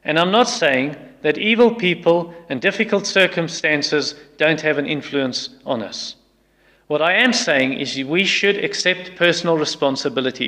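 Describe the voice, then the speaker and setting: A man's voice: high voice, fairly bright tone. A man preaching a sermon with emphatic repetition, acting out people's excuses in quoted voices. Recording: long reverb of a hall.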